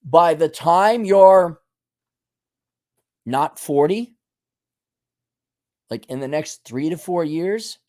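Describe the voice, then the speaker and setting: A man's voice: a little high, animated, extremely slow, long pauses, a little mellow, no echo, clean studio sound. A man hosting his own show, ranting bluntly and scolding listeners, mocking their excuses in put-on voices. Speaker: host. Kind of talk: ranting monologue.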